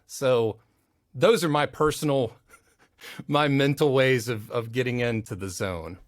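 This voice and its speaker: A man's voice: medium pitch, unhurried, no room sound, clean studio sound. A man guest on a podcast, an audio engineer, telling stories casually and acting out the voices of the people in them. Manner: animated, acts out quoted voices. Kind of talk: casual interview storytelling.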